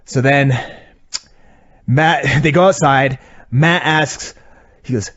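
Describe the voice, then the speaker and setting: A man's voice: mid-range voice, slow, pauses often, fairly bright tone. A man co-hosting a casual podcast, rambling through a wry play-by-play recap of wrestling episodes. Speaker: podcast co-host reviewing wrestling. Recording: dull lo-fi audio.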